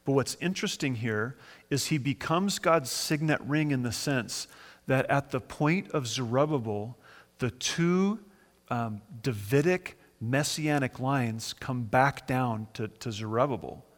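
Man, pastor, casual enthusiastic sermon, mid-pitched voice, long echo of a hall. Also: lively intonation, unhurried. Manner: enthusiastic, conversational Bible teaching with dramatic quoted voices.

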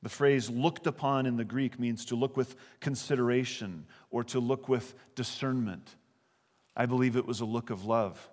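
A man preaching a sermon in an earnest, conversational way, at times laughing lightly and dropping to a soft, low voice. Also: fairly even intonation, moderate pace. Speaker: pastor. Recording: hall reverb.

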